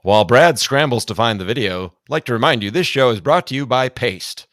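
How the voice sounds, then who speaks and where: A man co-hosting a late-night show, making dry, deadpan quips in casual chat. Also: mid-range voice, a little fast, no echo. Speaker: show co-host.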